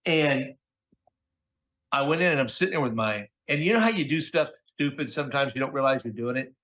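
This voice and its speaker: A middle-aged man, a guest voice actor, telling stories in a casual interview, animated and acting out the voices of the people he quotes. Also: medium pitch, brisk. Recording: podcast audio.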